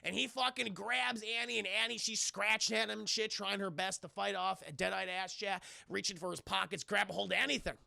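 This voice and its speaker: Young male streamer, high gravelly voice, bright and excitable, profane casual recap delivery. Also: a little fast, few pauses, no echo. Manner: excitable and profane, keeps addressing the chat. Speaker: film reviewer and streamer. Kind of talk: casual scene-by-scene film recap to a live chat.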